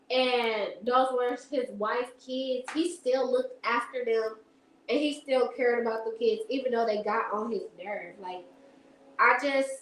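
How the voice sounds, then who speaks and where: Young woman, high voice, chatty rambling livestream host, roomy echo. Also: fairly bright tone, slight background noise. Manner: chatty, rambling, laughs often, addresses viewers as y'all. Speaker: live stream host. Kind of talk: casual storytelling chat. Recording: echoey room.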